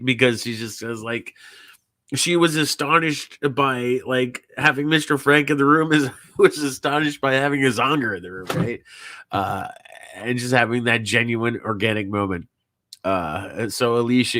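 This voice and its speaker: A man's voice: mid-range voice, normal speed, fairly bright tone, no room sound. A man hosting his podcast, talking casually and rambling, with lots of fillers and swearing. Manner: rambling, profane, full of fillers. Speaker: podcast host. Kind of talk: casual live-streamed farewell talk.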